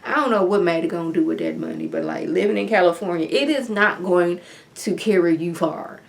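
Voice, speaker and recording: A woman's voice: on the low side, a little fast, gravelly. Chatty woman recapping a TV episode. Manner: chatty, animated retelling with lots of "like". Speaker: TV episode reviewer. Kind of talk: casual recap vlog.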